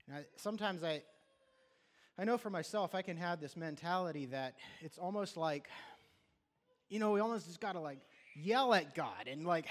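A man's voice: a little high, expressive, moderate pace. A man preaching a sermon in a loose, conversational way, often restarting his sentences and acting out what people say. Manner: conversational, with restarts and acted-out quotes. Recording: long hall reverb.

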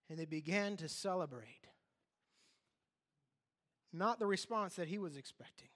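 High-voiced male preacher. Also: measured pace, pauses often, big-room sound. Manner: reads scripture then preaches, rising to excited exclamations. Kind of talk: sermon.

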